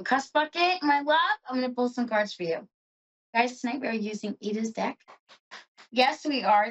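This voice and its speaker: An effusive, emotional woman chats her way through a tarot reading, her voice sitting at an ordinary middle pitch. The sound is slightly muffled and lo-fi. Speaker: psychic show host.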